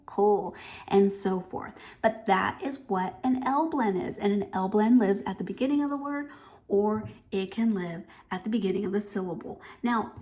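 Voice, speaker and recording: A middle-aged woman teaches a phonics lesson with a patient, clear manner. She sounds out letters slowly, and her voice sits at a middle pitch. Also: darkish tone. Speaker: reading teacher.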